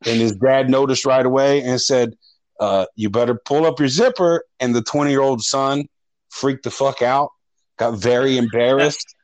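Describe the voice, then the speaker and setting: A man's voice: mid-range voice, normal speed, dry recording, rough recording. Rambling, cussing podcast guy. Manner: rambling, profane, restarts often. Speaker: podcast co-host. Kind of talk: casual storytelling chat.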